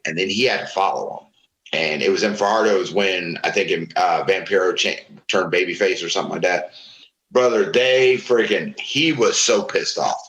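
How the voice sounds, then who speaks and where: Guest: ex-wrestler, man from Florida, lowish voice, cussing raconteur, echoey room. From Florida, USA. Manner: profane, rambling, animated retelling of old stories. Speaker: retired pro wrestler, guest. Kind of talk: casual storytelling interview.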